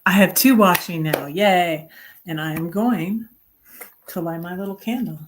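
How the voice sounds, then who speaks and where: A middle-aged woman from the United States hosting a casual livestream, rambling and halting with many ums, and greeting viewers brightly. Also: fairly low pitch, noisy background. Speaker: livestream host.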